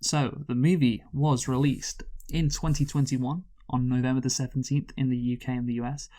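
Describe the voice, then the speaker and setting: A man in his usual mid-range voice hosts a relaxed movie chat. He jokes and giggles his way through notes, often tripping and restarting mid-sentence. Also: medium pitch, normal speed. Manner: joking, giggly, rambling with restarts. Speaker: podcast host. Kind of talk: casual comedic chat.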